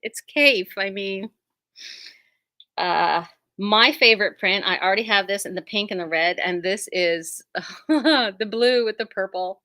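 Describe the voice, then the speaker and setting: A woman with a bright, forward voice rambles cheerfully about new fabric bolts from her quilt shop. She wanders off topic and pokes fun at herself. Her voice sounds close and dry, with almost no room sound. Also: mid-range voice, measured pace, no echo. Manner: chatty, rambling, self-deprecating. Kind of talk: casual product showcase.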